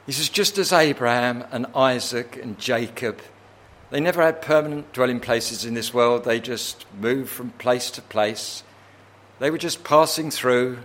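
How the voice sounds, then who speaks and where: A man with a mid-range voice preaches a sermon earnestly, using tag questions. When he voices prayers, he swells into impassioned, near-shouted pleading.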